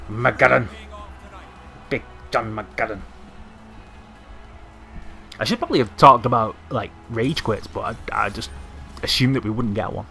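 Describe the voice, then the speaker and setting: A young man commentating live on his own gameplay, excitable, swearing and yelling at the game. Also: lowish voice, measured pace, vocal fry, pauses often, soft background music. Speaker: gaming commentator.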